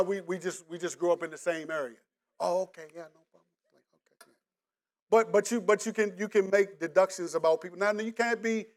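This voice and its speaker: A middle-aged man from the Washington DC area with a local accent, preaching a casual, joking sermon straight to the congregation. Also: sits high. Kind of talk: conversational sermon.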